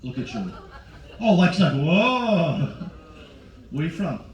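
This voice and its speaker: Sing-song and fairly quick, this warm, fairly high male voice belongs to a forties-aged comedian doing crowd work on a cruise ship. He teases the audience brashly and chats with them, though the audio is dull, roomy, and recorded from a distance.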